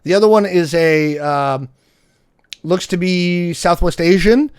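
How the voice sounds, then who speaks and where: A man runs a tabletop game as game master, painting each scene with lots of fillers. His voice is smooth and a little high, and the recording is dry and close. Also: measured pace, no room sound. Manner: descriptive, with many fillers.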